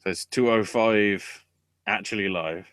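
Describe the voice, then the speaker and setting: A man hosting a wrestling podcast, talking casually with sarcasm and swearing, and acting out quotes in loud bursts. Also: lowish voice, measured pace, dry recording, clean studio sound.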